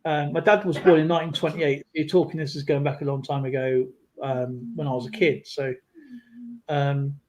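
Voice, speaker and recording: A man chatting casually on a livestream, rambling through an animated story with lots of fillers. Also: a little high, moderate pace, slight background noise, rough recording. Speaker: guest on a livestream. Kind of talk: casual chat.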